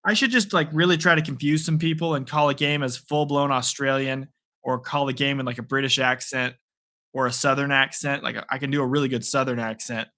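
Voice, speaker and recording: A man's voice: medium pitch, little pitch movement, fairly quick, sharp tone. A man hosting a live play-by-play reaction stream, playful and rambling between calls. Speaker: sports stream host.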